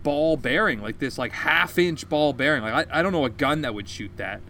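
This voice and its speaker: Man, podcast co-host, casual storytelling, profane, animated, bright tone. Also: a little high, brisk, a little hiss or hum. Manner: swearing, animated, laughing storyteller.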